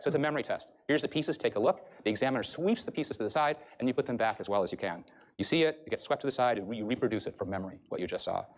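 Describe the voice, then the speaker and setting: Male professor, quick lecture delivery, brisk explainer, average pitch. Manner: brisk, explanatory, addresses the audience. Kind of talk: university lecture. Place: lecture hall.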